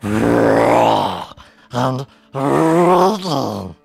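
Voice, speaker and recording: A man doing an impression of Gollum, a grasping creature, with a raspy, gravelly growl. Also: mid-range voice, animated, extremely slow, slight background noise, heavily acted. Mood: grasping, raging.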